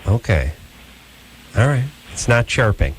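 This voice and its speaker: Deep-voiced guy rambling and joking on late night call-in radio, faint hiss behind. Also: big pitch swings, unhurried. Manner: loose, joking, rambling riffs and bits. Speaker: radio show host.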